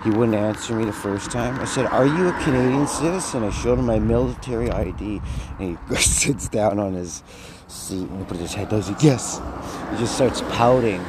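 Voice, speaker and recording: A man's voice: on the low side, fairly even intonation, moderate pace. A man talking in a rambling, slangy monologue, tossing in "dude" a lot as he vlogs. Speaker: vlogger. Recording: outdoor street noise.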